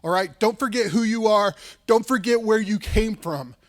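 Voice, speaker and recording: A man playing a stern older guardian pressing his point firmly and directly. The delivery is plain and casual, pitched high for a man. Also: moderate pace, lightly acted. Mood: urgent. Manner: firm, direct.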